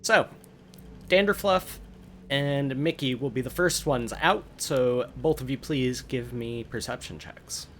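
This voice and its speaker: Male game master, halting filler-laden narration, faint noise floor. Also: medium pitch. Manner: hesitant, filler-heavy narration.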